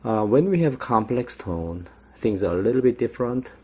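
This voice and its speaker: A young man giving a recorded lecture, explaining slowly with frequent pauses and restarts. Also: mid-range voice, expressive, mellow, slightly rough.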